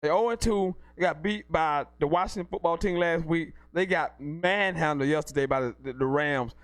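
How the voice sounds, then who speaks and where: Man, live sports call-in host, hype-man energy, slightly high voice. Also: normal speed, fairly bright tone, dry recording. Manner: hyped, repetitive, self-promoting.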